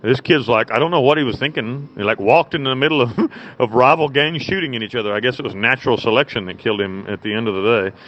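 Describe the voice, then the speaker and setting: A man's voice: medium pitch, quick pace. A man from the United States, a prison inmate, telling stories bluntly and profanely from his cell over a cell phone, with many restarts. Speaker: interview guest, prison inmate. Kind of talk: rambling conversational storytelling. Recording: muffled lo-fi phone line with faint noise.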